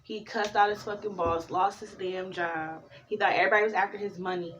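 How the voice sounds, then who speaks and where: A woman's voice: medium pitch, a little fast, recorded from a distance, slight background noise. Profane, rambling woman reading tarot. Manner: profane, rambling, animated storytelling. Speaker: tarot reader.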